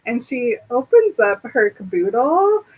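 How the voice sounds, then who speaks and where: Slow-talking woman podcaster. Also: a little high, very animated, slightly rough, highs cut off. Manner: unhurried storytelling, laughing mid-sentence. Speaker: podcast co-host. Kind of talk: casual chat recapping a film.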